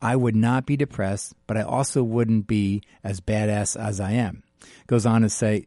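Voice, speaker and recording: A man's voice: fairly low pitch, moderate pace, no room sound, clean studio sound. A man hosting a live radio talk show, chatty and jokey, reading a piece aloud and interviewing a guest. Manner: chatty, jokey, animated asides.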